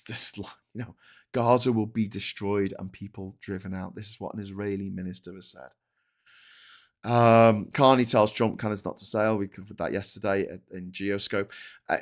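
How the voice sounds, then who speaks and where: A man hosting a livestreamed news show, ranting in exasperation about the day's stories and reading out viewer chats. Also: lowish voice.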